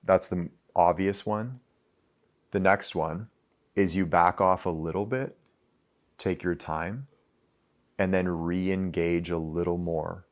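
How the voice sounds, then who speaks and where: Deep-voiced man giving a casual talk. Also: fairly even intonation, slow pace, pauses often. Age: 30s. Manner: loose and conversational, with frequent "like" fillers and profanity. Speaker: speaker addressing a live audience.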